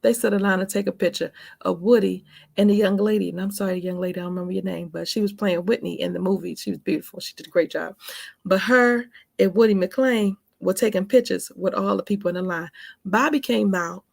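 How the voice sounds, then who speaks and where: A vlogger in her forties tells a personal story in a casual vlog, chatty and emphatic, calling her viewers honey and baby. Her mid-range voice is a little fast and creaky, with no room sound.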